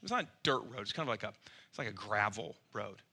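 Bright-voiced man telling a story. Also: on the low side, brisk, husky. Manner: lively, self-mocking storytelling. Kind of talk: storytelling sermon.

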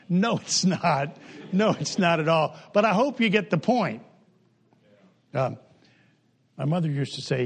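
An older man preaching a humorous sermon in a folksy, joking way, with sudden jumps in pitch and pace. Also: animated, slow pace, vocal fry, long pauses, husky.

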